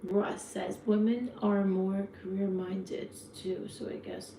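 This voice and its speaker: Slow, chatty woman in an echoey room. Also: mid-range voice, steady tone, warm tone, a little hiss or hum. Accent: New Jersey. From New Jersey. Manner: chatty, frank, talks back to viewer comments. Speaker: livestream host. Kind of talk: casual live chat reading comments.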